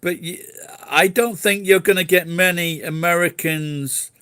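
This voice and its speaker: Brief: English man, casual rambling chat, swears a lot, slightly high voice, dry sound. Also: steady tone, a little slow, pushed and bright, dry recording. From England. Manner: rambling, swears freely, laughs easily.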